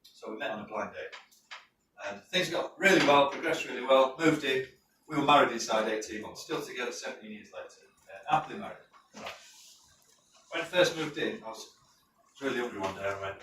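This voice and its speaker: A man with a northern English accent teaching a safety course, chatty and quizzing his class with quick questions. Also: medium pitch, lively intonation. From North of England. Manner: chatty, asks the class questions and checks in with "right?". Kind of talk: classroom lecture with anecdotes. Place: training classroom. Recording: roomy, distant mic with faint noise.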